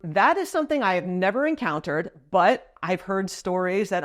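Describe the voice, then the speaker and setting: A woman in her thirties talks straight to her viewers in a casual Q&A. Her delivery is frank and lively, with expressive rises and falls in a mid-range voice. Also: medium pitch, moderate pace. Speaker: vlog host. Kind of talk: casual Q&A advice.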